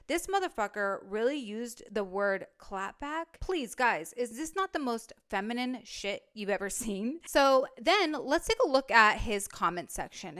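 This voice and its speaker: A woman's voice: fairly high pitch, a bit bright, clean tone. A young woman giving blunt, sarcastic, profane commentary while reading out comments to her followers. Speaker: commentary creator.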